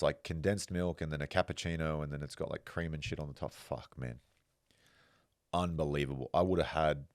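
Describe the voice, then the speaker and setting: A man's voice: a bass voice, no echo, clean studio sound. A man hosting a podcast, telling stories casually, swearing freely and acting out the voices of the people he quotes. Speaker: podcast host. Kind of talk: casual storytelling.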